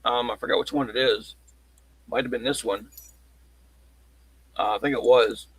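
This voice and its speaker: A man chatting casually on a livestream, showing his locksport tools in a halting, rambling way. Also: medium pitch, steady tone, breathy edge, no room sound, rough recording. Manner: halting, rambling show-and-tell.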